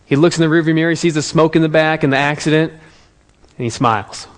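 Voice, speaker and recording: A man with a somewhat higher voice telling a story to an audience, animated and conversational, turning often to the listeners. He speaks as a motivational speaker building toward a lesson. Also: very fast. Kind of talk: storytelling talk.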